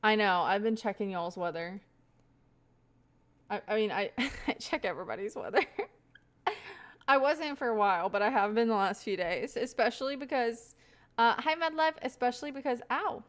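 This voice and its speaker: A woman's voice: a little high, normal speed. A young woman livestreaming, rambling casually to her chat with frequent laughs. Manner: chatty, rambling, laughs often, talks to chat.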